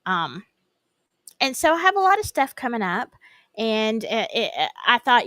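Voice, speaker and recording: A woman's voice: on the high side, very animated, measured pace, fairly bright tone, no echo. A woman with a Southern accent hosting a casual true-crime livestream, rambling and greeting her viewers by name.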